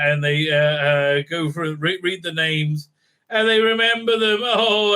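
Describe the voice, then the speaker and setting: Male reviewer, sarcastic and foul-mouthed, stumbling through fillers; sharp, somewhat high voice. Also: steady tone, clean tone. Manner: sarcastic, profane, halting with many fillers. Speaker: TV show reviewer. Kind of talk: ranting recap and review.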